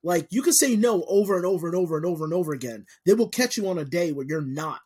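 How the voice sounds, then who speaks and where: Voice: medium pitch, animated, fast, a little mellow, husky. A podcast co-host in casual chat, making points emphatically with everyday examples and some swearing.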